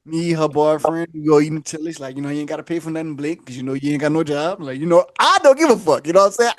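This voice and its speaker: A man's voice: fairly high pitch, fast, hardly any pauses, no room sound, studio quality. A man from Louisiana, a podcast co-host, telling a story in loose, slangy casual talk.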